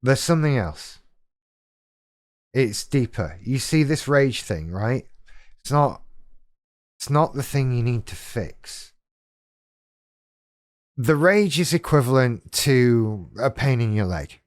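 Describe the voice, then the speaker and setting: A man's voice: medium pitch, sing-song, takes it slowly, long pauses, dry recording, studio quality. A man hosting his own channel, talking straight to the viewer in a wry, self-deprecating way. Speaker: YouTube channel host on living with BPD. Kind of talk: casual direct-to-camera talk.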